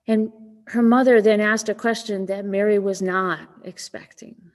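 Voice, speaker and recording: Gentle woman minister in a reverberant hall. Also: mid-range voice, flat delivery. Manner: gentle storytelling, slowing and softening to a near whisper in quoted moments. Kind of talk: sermon. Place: church sanctuary.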